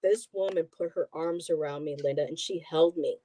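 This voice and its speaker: Middle-aged host from around buffalo, dark mellow voice, rambly heartfelt chatting, dry close mic. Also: mid-range voice, fairly even intonation, moderate pace, dry recording. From Buffalo, New York area. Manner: rambling, emotional storytelling with many fillers. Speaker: host, tarot reader. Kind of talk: casual chat.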